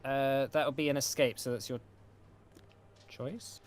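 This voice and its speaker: Relaxed young man running a game. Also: mid-range voice, unhurried, background noise. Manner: relaxed, hesitant, many filler sounds. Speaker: game master. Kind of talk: running a tabletop game online.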